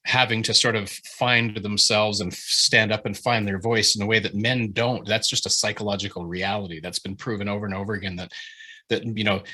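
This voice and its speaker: A man leading a writing workshop over a video call, giving an animated, informal critique, swearing freely and often restarting his sentences. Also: fairly low pitch, fairly quick.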